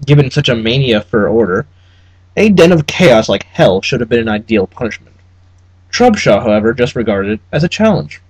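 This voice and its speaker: A man narrating an audiobook with a wry, expressive delivery and a voice that rises and falls freely. The tone is slightly husky and recorded in a dry, close setting. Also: moderate pace, no room sound, low-quality recording. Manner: expressive, wry reading with lively pitch. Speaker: audiobook reader.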